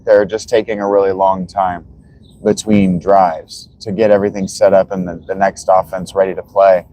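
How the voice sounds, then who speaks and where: A man's voice: on the low side, warm tone. A man streaming live as he watches football, chatting casually and greeting viewers by name.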